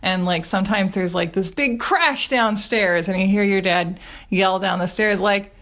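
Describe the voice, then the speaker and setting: A woman's voice: medium pitch, a little slow, a bit bright. A woman co-hosting a podcast, chatting casually and making wry, joking asides as she listens. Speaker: podcast co-host. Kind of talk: casual chat.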